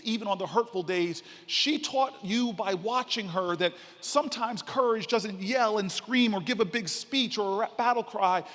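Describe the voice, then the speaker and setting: A senator giving a keynote speech, telling stories and building to rousing emphasis. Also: male voice, high voice, fairly bright tone. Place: large convention hall. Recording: reverberant hall.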